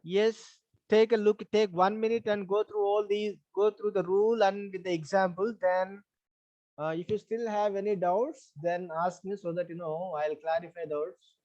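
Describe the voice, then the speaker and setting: With an Indian English accent, a man teaches an online English class, patiently repeating points and spelling words out letter by letter. His voice sits high, steady and darkish, at a moderate pace, with no room sound and a dull lo-fi quality.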